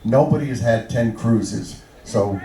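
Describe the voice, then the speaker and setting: A man telling a long joke on stage and thanking fans in a relaxed storytelling way. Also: medium pitch, measured pace, noisy background. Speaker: band member addressing fans. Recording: echoey hall, distant mic.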